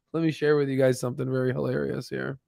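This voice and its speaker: This stock channel host sounds worn out and keeps yawning as he rambles through a casual livestream, restarting often and leaning on fillers. He speaks at medium pitch with vocal fry and a slightly mellow tone, captured cleanly in a studio with no room sound.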